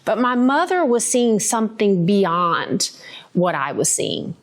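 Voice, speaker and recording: A woman hosting a podcast, giving a candid, reflective faith testimony and often checking in with the listener with a quick "right?". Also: mid-range voice, very animated. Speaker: podcast host.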